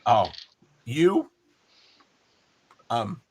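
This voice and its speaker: A man running a tabletop game as game master, playful, with quick asides. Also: medium pitch, sing-song, darkish tone, breathy edge.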